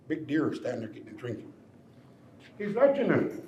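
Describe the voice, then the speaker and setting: Old man telling a traditional story, laughs a lot, highish voice, roomy echo. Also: huge pitch swings, moderate pace, pauses often, highs cut off, background noise. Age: older. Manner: chuckling, playful, teasing the listeners. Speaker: tribal elder storyteller. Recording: echoey room, faint ambience.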